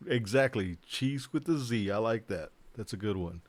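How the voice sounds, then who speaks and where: Man, low pitch, casual rambling chat, joking, swearing. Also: expressive, unhurried, no room sound. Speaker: board game designer.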